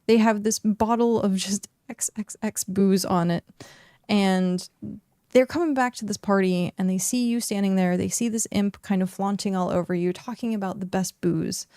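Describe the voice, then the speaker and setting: A young woman narrating a tabletop role-playing game as game master, describing scenes in a lively way with many asides. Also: medium pitch, normal speed, dry recording, studio quality.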